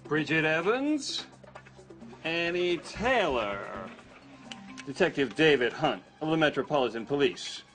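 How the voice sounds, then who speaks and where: An actor playing a pompous, bumbling police detective in a sitcom for English learners, speaking slowly and theatrically. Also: male voice, a little high, expressive, over music. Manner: slow, theatrical, self-important.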